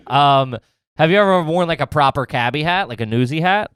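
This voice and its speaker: A man's voice: a little high, animated, moderate pace, a bit bright, smooth, dry recording. A man in his thirties hosting a podcast, rambling through casual chat with lots of fillers and laughs. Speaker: podcast host.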